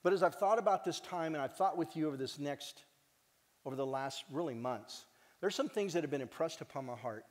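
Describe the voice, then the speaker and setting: With long hall reverb around him, a director delivers a heartfelt conference talk at a brisk pace in a slightly high voice. He's earnest and animated, throwing in the occasional joke for the audience.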